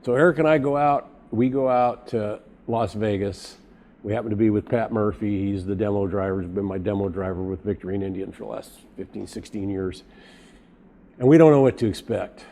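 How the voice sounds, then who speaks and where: Low, mellow-voiced man telling a story. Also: a little fast. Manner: animated storyteller acting out quoted dialogue. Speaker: podcast guest, custom bike builder. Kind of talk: casual storytelling.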